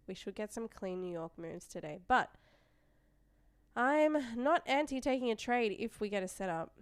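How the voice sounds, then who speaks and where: A woman's voice: medium pitch, smooth, no room sound. Chatty Australian woman streaming live. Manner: chatty, reads chat messages aloud, trails off and restarts. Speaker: livestream trading host. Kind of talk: casual live-stream chat.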